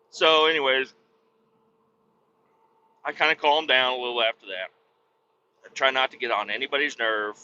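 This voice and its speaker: With a medium pitch and fairly even intonation, a man hosting a podcast rants profanely through a casual story at normal speed, taking long pauses. His tone is pushed and bright, he imitates others' voices, and the audio carries faint hiss and slight muffling.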